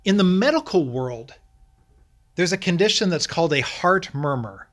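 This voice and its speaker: Man preaching with animated questions. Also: sits high, moderate pace. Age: middle-aged. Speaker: pastor. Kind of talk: sermon.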